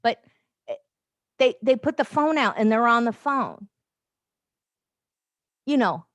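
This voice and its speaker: A woman hosting a casual livestream from her phone, chatty and rambling, with animated asides and frequent laughs. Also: high voice, measured pace, long pauses, no echo, clean studio sound. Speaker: life coach livestream host. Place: home, with noise outside.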